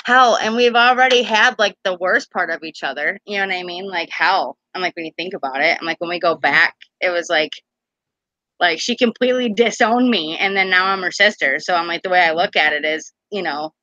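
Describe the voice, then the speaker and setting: A woman's voice: lowish voice, a little fast, sharp tone, no room sound, dull audio. A woman hosting a casual chat while giving card readings, rambling and laughing often. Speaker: host.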